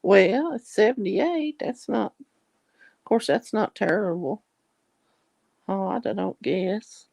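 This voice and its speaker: A woman's voice: medium pitch, slow, vocal fry, pauses often, darkish tone, dry recording. A woman, chatting casually on a video call in a folksy, drawling way. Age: 60s. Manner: chatty, folksy, yawning and laughing.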